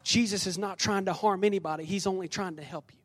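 Preaching fast and with a steady tone, a male pastor with a high voice engages his congregation in call-and-response and reads scripture theatrically, alternating between loud exclamations and hushed lines. The large sanctuary gives his sermon a long, ringing reverb.

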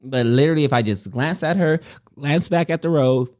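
A man's voice: fairly high pitch, fairly quick. A man co-hosting a casual podcast, telling stories in a rambling way and often repeating his words. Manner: rambling, repeats himself, animated storytelling. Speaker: podcast co-host. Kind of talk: casual chat. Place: home podcast setup.

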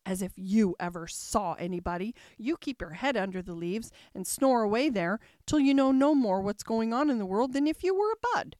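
A woman's voice: mid-range voice, animated, normal speed, few pauses, a little mellow, dry recording, studio quality, close to an everyday voice. A woman voicing an imperious, scolding female tiger lily flower in a storybook reading.

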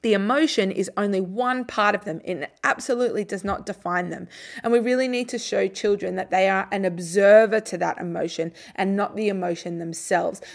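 Woman, podcast host and psychologist; calm, clear explainer of parenting techniques, mid-range voice. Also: medium pitch. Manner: calm, explanatory, models gentle phrases for parents.

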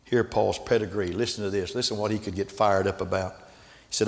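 A man preaching a sermon as pastor, moving between quiet storytelling and shouted calls to the congregation. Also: on the low side, fairly even intonation, a little fast, creaky. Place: large church hall. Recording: echoey church hall with congregation.

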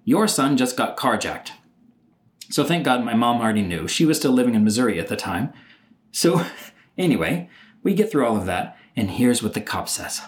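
A middle-aged man recounts a story from his own life, his voice swinging widely in pitch as he goes. He sounds exasperated and animated, and he now and then slips into impressions of the people involved. He speaks at a moderate, mid-range pitch. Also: a little fast. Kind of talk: personal storytelling monologue.

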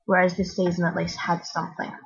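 A woman co-hosting a podcast, giving blunt, opinionated takes in a halting, casual way. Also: lowish voice, monotone, vocal fry, slightly rough. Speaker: podcast co-host. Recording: dull lo-fi mic.

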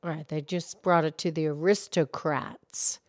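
A woman voicing a calm, kindly female cow who co-hosts a kids' podcast, gently reassuring and patiently explaining facts. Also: sits low, a little slow, no room sound, clean studio sound. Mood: gentle. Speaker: podcast co-host. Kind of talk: in-character kids' podcast chat.

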